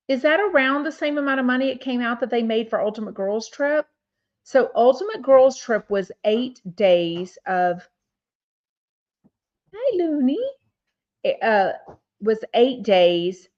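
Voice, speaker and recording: A woman's voice: a little high, lively intonation, measured pace, pauses often, darkish tone, lo-fi sound. A woman from Texas with a drawl, hosting a casual podcast and reading viewer comments aloud, with lots of fillers. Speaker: podcast host.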